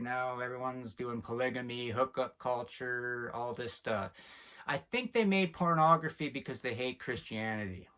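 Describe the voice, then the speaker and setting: This video host speaks straight to camera with a medium-pitched, sharp-toned voice. His commentary is heated and preachy, and he gets more worked up as he goes.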